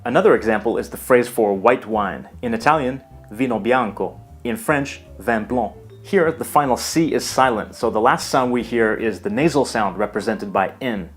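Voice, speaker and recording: A man giving a scripted language lesson in a measured, explanatory way. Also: medium pitch, fairly bright tone, faint music behind. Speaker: language teacher. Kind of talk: scripted educational narration.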